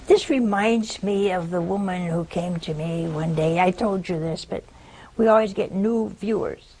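A woman with a low-ish, warm, gravelly and husky voice preaches a sermon slowly, taking her time. She tells her story in a folksy manner and makes asides to her viewers, captured in a rough recording.

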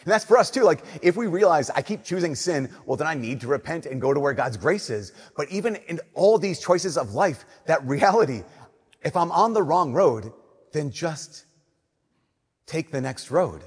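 Young priest, male, slightly high and husky, conversational sermon delivery with long church reverb. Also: very animated, moderate pace. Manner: conversational preaching, playful then hushed and earnest. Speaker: Catholic priest.

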